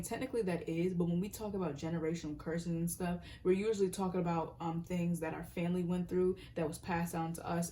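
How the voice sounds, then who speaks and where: A woman's voice: lowish voice, darkish tone, a little hiss or hum. Earnest young woman giving a tarot reading. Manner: rambling, earnest, self-interrupting, sometimes laughing or dropping to a whisper. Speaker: tarot reader. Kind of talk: casual spoken tarot reading.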